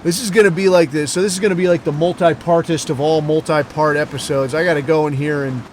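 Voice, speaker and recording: Man, podcast host, crude rambling monologue, heavy swearing, deadpan, somewhat high-pitched, faint street noise. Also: fast talker. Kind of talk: profane casual storytelling monologue.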